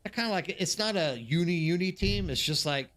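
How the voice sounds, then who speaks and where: A man in his thirties hosts a casual live stream and tells long, rambling stories to his chat. His voice sits a little high for a man. He fills his talk with "like" and often restarts his sentences. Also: lively intonation, fairly quick, a bit bright. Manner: rambling anecdotes with many fillers and restarts. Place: living abroad in South Korea.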